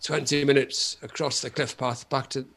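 A middle-aged Welsh man, a comedian guest on a podcast, telling a comic story in an animated way and often repeating himself. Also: medium pitch, normal speed, gravelly. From Wales. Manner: animated, repetitive storytelling with frequent laughter.

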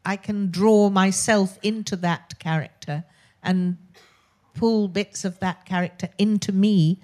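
A woman's voice: mid-range voice, steady tone, a little slow, warm tone. An older Englishwoman with a posh English accent, a talk show guest speaking frankly and bluntly, swearing freely and laughing between phrases. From England. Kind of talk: candid talk show chat.

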